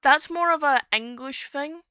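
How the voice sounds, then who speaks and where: A woman's voice: high voice, unhurried, bright, forceful tone, no echo, clean studio sound. A woman with a Scottish accent chatting casually on a voice call, explaining her points with fillers and restarts. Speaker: streamer.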